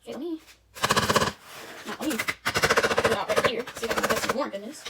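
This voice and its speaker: A woman's voice: a little high, brisk, pauses often. A young woman chatting casually as she bakes in her home kitchen, self-mocking and dropping bits of show tunes. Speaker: vlogger. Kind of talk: casual baking vlog chat. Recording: distant camera mic with noise.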